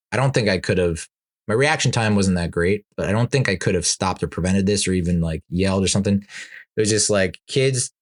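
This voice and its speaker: Low-voiced man, rambling podcast host. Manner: rambling, laughs between sentences, exasperated asides. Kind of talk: casual solo podcast chat.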